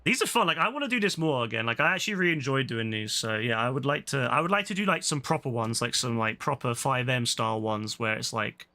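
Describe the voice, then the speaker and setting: A young man giving chatty, excitable casual commentary while playing an online game, full of fillers and quick laughs. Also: mid-range voice. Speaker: gaming streamer.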